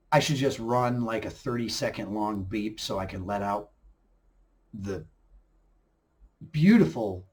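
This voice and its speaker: A man in the middle of his range, breaking down an episode in a loose, chatty review. He acts out the scenes as he goes, dropping to low mutters and then jumping into loud, excited bursts. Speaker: host of a TV review channel.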